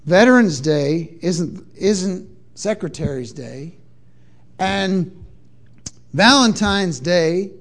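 A man preaching a sermon to a congregation in a church, emphatic, asking the crowd to repeat words and answer back. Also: high-pitched. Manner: call-and-response with congregation, emphatic.

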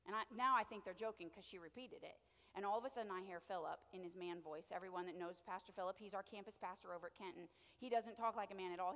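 A woman preaching a sermon, moving between quiet, chatty storytelling and loud, fervent exhortation. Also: mid-range voice, quick pace, in a large hall.

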